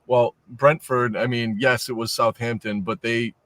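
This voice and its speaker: A man's voice: medium pitch, steady tone, a little slow, a bit bright, no room sound. A man co-hosting a casual football podcast, joking around and laughing often. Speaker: podcast co-host. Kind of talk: casual sports chat.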